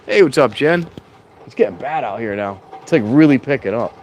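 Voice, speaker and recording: A chatty man rambles casually through an outdoor vlog on a windy train platform, correcting himself as he goes and sometimes raising his voice. His pitch sits in the middle, and he talks into a small clip-on mic wired to his phone while faint traffic hums in the distance. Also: expressive, brisk, darkish tone. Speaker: vlogger. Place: outdoors at a train station in strong wind. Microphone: clip-on mic plugged into a handheld phone.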